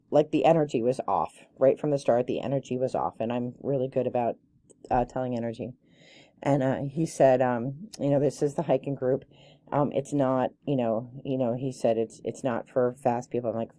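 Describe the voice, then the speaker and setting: A woman's voice: very deep voice, normal speed, dry recording. A woman in her forties, a hiking group leader, telling a personal story in a casual, chatty way, full of fillers and restarts. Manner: animated and indignant when retelling confrontations.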